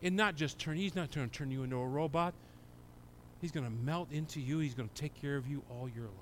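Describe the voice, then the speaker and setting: A man preaching a sermon as a pastor, moving between quiet prayer and loud, excited preaching. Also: a little high, fairly quick, a little hiss or hum. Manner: swings from hushed prayer to shouted, excited preaching.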